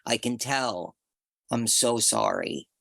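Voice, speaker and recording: A man's voice: mid-range voice, slow pace, gravelly, bright, forceful tone, no echo. A man in a recovery group who talks in a gushing, repetitive way, heard over a video call. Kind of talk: group sharing.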